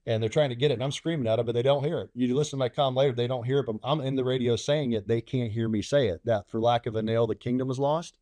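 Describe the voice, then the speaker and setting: A man's voice: steady tone, quick pace, few pauses, dark tone, dry recording. A middle-aged man, a former fighter pilot, telling a combat story in an interview and acting out the radio calls and dialogue. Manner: acts out radio calls and dialogue, rising sharply in pitch. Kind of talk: animated war storytelling.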